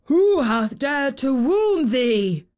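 A woman voicing a huge old male giant in a storybook reading, speaking slow, deep and weighty. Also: darkish tone. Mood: wrathful.

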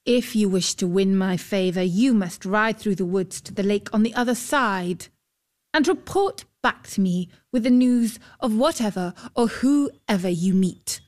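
A woman voicing a haughty, teasing young maiden in a storybook reading, speaking slowly and drawn out. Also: mid-range voice, darkish tone, close to an everyday voice.

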